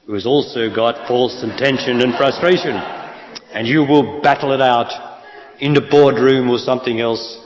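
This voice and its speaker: A man giving a spiritual talk to an audience, blunt and emphatic, asking rhetorical questions. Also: medium pitch. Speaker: spiritual teacher. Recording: lo-fi echoey hall.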